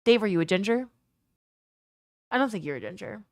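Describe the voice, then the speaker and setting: A young woman hosting a live stream, chatting excitably with her viewers, swearing freely, and thanking them for gifts. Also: mid-range voice, fairly quick, no room sound. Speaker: livestream host. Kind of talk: casual stream chat.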